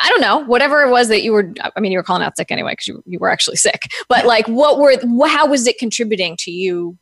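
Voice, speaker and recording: A woman's voice: on the high side, expressive, fast, hardly any pauses, a bit bright. A woman co-hosting a show, giving encouraging, loosely phrased feedback to a guest. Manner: encouraging, rambling, many fillers. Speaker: co-host giving media coaching feedback. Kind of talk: conversational critique.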